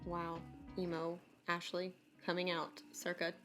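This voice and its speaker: A woman's voice: fairly low pitch, monotone, measured pace, a bit bright, soft background music. Chatty woman in her late twenties. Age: late 20s. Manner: chatty, bubbly, self-deprecating asides. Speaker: beauty vlogger. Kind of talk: casual makeup tutorial chat.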